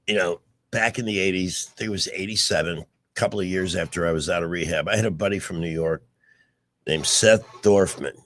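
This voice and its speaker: A man's voice: deep voice, fairly quick, a bit bright. A man in his sixties hosting a casual radio chat show, telling rambling stories with restarts.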